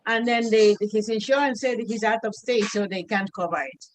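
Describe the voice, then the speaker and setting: A middle-aged woman, a mother, telling a heartfelt personal story in an earnest, halting way, often restarting her sentences. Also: fairly high pitch, a little hiss or hum, low-quality recording. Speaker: mother sharing a testimony.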